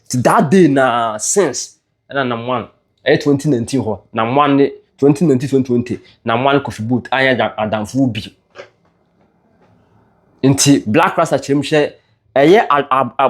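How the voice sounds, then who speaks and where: A man with a Ghanaian accent, a news presenter retelling entertainment gossip in a storytelling way, dropping English words into his speech. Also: medium pitch.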